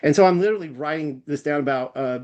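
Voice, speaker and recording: A man's voice: on the high side, quick pace, darkish tone, highs cut off. A man with a Californian accent, a guest in a casual online chat, rambling with fillers and restarts. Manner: rambling, self-deprecating, many fillers and restarts. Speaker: podcast guest.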